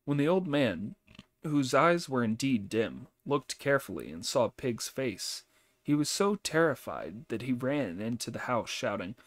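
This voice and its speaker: A man narrating an audiobook in a measured, expressive reading. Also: medium pitch, no room sound. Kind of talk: scripted narration.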